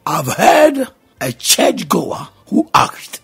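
Emphatic Ghanaian preacher with gravelly voice. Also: male voice, fairly high pitch, animated, slow pace, soft background music. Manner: emphatic, exclaiming and questioning the listener; alternates between two languages. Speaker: pastor. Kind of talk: radio sermon.

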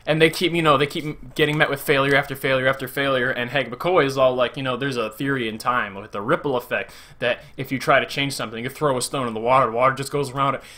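A man giving an excited casual movie review, gushing and acting out scenes in little voices. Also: medium pitch, fast talker, hardly any pauses. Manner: animated, gushing, acts out quotes in voices.

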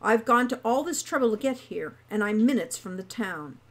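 A woman's voice: fairly high pitch, animated, moderate pace. A woman voicing a cold, sardonic, bookish young man.

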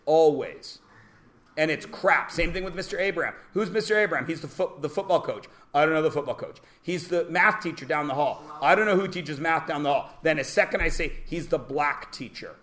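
A man teaches a classroom lesson, and his voice sits a little on the higher side. He is blunt and provocative and talks over his students. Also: fast, few pauses, fairly bright tone. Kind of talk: classroom lecture.

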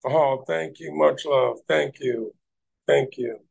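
A man's voice: medium pitch, fairly even intonation, takes it slowly, gravelly, breathy edge. A man hosting a livestream, ranting heatedly at people in his chat and swearing heavily. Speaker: livestream host.

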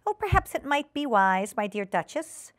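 A woman's voice: a little high, sing-song, moderate pace, a bit bright, dry recording, clean studio sound. A woman voicing a prim, polite lady cat hostess in a storybook reading, in a raised, genteel voice.

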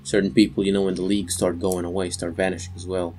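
A man's voice: deep voice, little pitch movement, quick pace, a little mellow, slight background noise. A young man narrating as game master for a tabletop game, in a loose, rambling way with many fillers.

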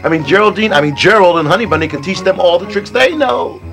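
A man's voice: sits high, expressive, fast talker, vocal fry, a bit bright, faint music behind, heavily acted. A man playing an exuberant neighbor dreaming of a circus in a children's video. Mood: enthusiastic. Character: enthusiastic middle-aged man who is dreaming of a circus.

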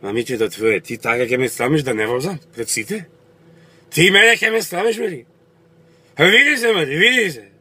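A man's voice: medium pitch, fast talker, few pauses, husky, close to an everyday voice. Man putting on a drunk old scolding husband. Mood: bitter scolding. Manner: angry slurred scolding. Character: drunk old man berating his wife.

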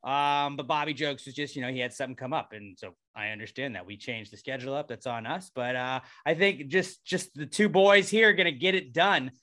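A man's voice: mid-range voice, fairly quick, hardly any pauses, sharp tone. A young man co-hosting a podcast, chatting loosely and jokily with lots of fillers. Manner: loose, rambling, jokey delivery with frequent fillers. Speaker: podcast co-host. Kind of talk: casual podcast banter.

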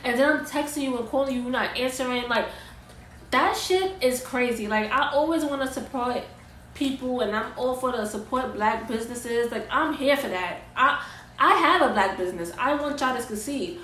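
A young woman rants through a storytime vlog, heated, profane and emphatic. Her voice sits slightly high. The room is echoey, with faint ambient noise behind her. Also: animated, normal speed, a bit bright. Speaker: vlogger and wig maker. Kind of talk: storytime rant.

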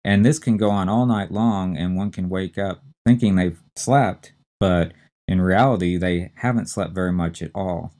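A man teaching a recorded medical terminology lecture, speaking slowly and carefully and spelling out terms letter by letter. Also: deep voice, darkish tone. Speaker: instructor.

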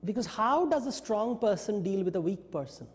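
A man giving a lecture, telling stories in an animated way and briefly acting out what the characters say. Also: high voice, moderate pace, in a large hall. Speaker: invited speaker. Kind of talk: lecture on mythology. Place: yoga studio talk.

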